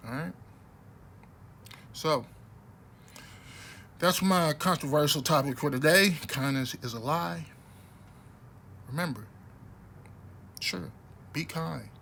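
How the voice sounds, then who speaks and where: A man talking bluntly and casually to camera in a rambling monologue, with many restarts, growing louder and heated at times. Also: a little high, slow, vocal fry, long pauses, slight background noise. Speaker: vlogger.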